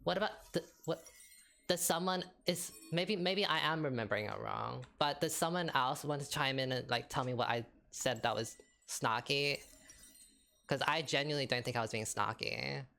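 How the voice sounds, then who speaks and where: Woman game streamer, deep and gravelly, tense bright tone; talks in exasperated rhetorical loops. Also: normal speed, soft background music. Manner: exasperated, rhetorical, repeats herself. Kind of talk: casual stream chat while gaming.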